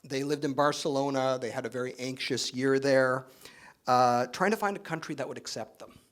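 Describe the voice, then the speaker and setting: A middle-aged man giving a keynote speech at an awards event, in a relaxed, conversational way with joking asides, many fillers and tag questions. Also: mid-range voice, moderate pace. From Spain, raised in Canada. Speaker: keynote speaker.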